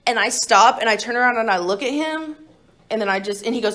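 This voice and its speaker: A woman's voice: mid-range voice, normal speed, long pauses, fairly bright tone. A young woman candidly telling her own recovery story to a group, blunt and profane and laughing often. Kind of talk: candid personal testimony to a group.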